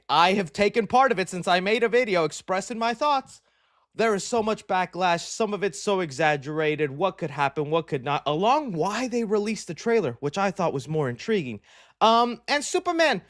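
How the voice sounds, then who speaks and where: A man around thirty chats casually to his live stream audience. He talks in a hyped, playful way, full of slang and rambling asides, and sounds slightly out of breath. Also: high-pitched. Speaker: livestream host.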